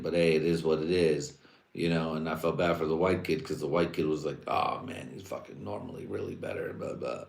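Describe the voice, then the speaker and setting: A man hosting a livestream, talking in a loose, rambling, profane and streetwise way. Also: a bass voice. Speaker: livestream host. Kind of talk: casual rambling monologue. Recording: roomy echo.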